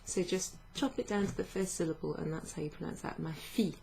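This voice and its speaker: A woman's voice: fairly low pitch, fast talker, creaky, a little mellow, slight background noise. A woman teaching a French lesson, explaining patiently with fillers and self-corrections. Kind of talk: online language lesson.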